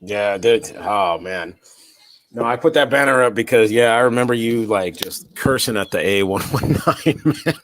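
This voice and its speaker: A man's voice: lowish voice, normal speed, no echo. A man hosting a dash cam channel, chatting casually and acting out his reactions as he tells stories. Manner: animated storyteller, acts out reactions. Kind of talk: casual chat.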